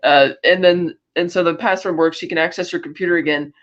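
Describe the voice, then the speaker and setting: With a fairly low, steady voice and a brisk pace, a woman co-hosts a podcast, chatting casually about movies by retelling scenes and performing the characters' dialogue. The sound is lo-fi.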